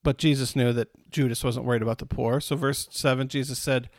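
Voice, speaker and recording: Male preacher with a gravelly voice and a dry, close sound, teaching scripture casually and acting out the quotes. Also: medium pitch, fairly even intonation, fairly quick, no echo. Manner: retells scripture in plain words, with restarts and repetition; acts out quoted characters with a raised voice. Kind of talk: conversational Bible teaching.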